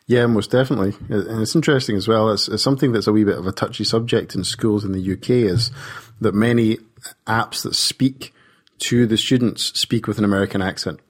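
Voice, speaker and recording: A man's voice: lowish voice, steady tone, brisk, breathy edge. A man with a Scottish accent, co-hosting a podcast in a chatty way. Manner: chatty, uses "wee". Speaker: podcast co-host. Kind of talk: casual podcast chat.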